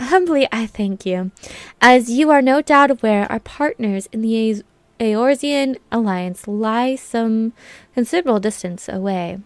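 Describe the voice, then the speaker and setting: A solemn, gracious elder leader of a forest city, read aloud by a woman in a game playthrough. The delivery is formal and measured, with a voice sitting a little high. It sounds close and dry. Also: no room sound. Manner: formal, stately reading with stumbles.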